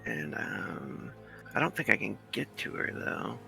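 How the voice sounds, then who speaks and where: A man's voice: lowish voice, big pitch swings, measured pace, gravelly, pushed and bright, faint music behind. A man playing a tabletop game, asking hesitant questions about his character's options. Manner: hesitant, asks rules questions. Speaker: player.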